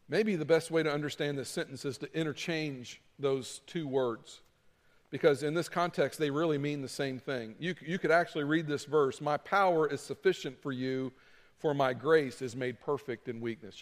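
A man preaching a sermon as pastor, dramatic, moving between loud pleading and quiet asides. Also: mid-range voice, normal speed, long reverb tail.

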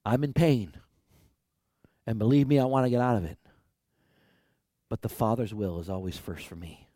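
A male preacher voicing a man in pain who calmly explains why he chooses to suffer. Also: fairly low pitch, normal speed, dry recording, studio quality, voice pushed down, lightly acted. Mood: resolute.

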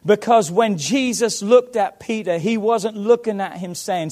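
A man preaching a sermon, swinging from hushed to loud and fervent, acting out Bible dialogue. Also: high voice, a little slow. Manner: acts out Bible dialogue with stammered repeats. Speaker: pastor.

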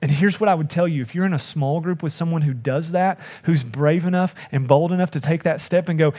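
A man's voice: on the high side, a little fast, hardly any pauses, darkish tone. Earnest male pastor preaching. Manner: earnest, rising to emphatic appeals. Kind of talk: sermon.

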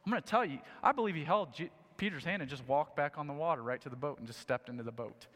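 Male pastor, bright and forceful tone, high voice, animated sermon storyteller. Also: quick pace. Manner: animated storytelling, acts out quotes. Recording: long hall reverb.

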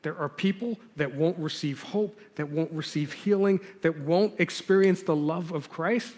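A man's voice: fairly high pitch, moderate pace, a little mellow. Earnest preaching man in a reverberant hall. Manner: earnest, conversational preaching with emphatic stresses. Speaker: pastor. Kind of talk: sermon.

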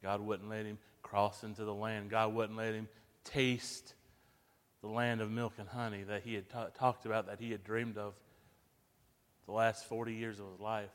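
Guy preaching a sermon, goes quiet then gets loud and punchy, long hall echo. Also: fairly low pitch, level tone, normal speed. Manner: dynamic, swings from hushed to loud emphatic. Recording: long reverb of a large hall.

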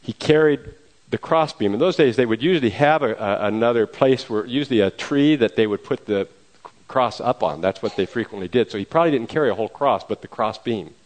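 A man preaching a storytelling sermon, retelling events in a lively way with acted quotes. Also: mid-range voice, fairly quick, rough recording.

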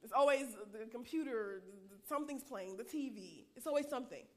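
A woman chaplain preaching a personal testimony to a congregation, talking fast and animated and laughing often. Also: a little high.

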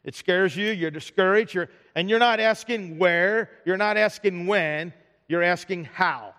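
A man with a high voice preaching a sermon in a large hall with a long reverb tail. He talks in a joking way and keeps asking his congregation questions. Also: measured pace, a bit bright. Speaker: pastor.

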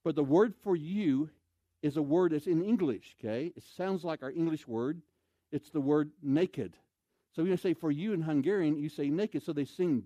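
An American man, a missionary speaker, telling a humorous story in an animated, comic way and acting out scenes. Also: on the high side, moderate pace, no room sound. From United States.

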